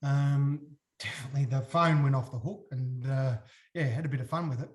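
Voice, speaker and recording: A middle-aged Australian man, a former footballer, telling stories as a guest in a casual chat, acting out quotes with big jumps in his voice. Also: brisk. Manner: animated, acts out quotes with big pitch jumps. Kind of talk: casual storytelling.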